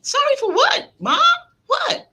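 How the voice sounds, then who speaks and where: A woman's voice: fairly low pitch, expressive, unhurried, slightly rough, voice pushed down. A woman voicing a grown eldest son who protests in confusion to his mother. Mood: protesting.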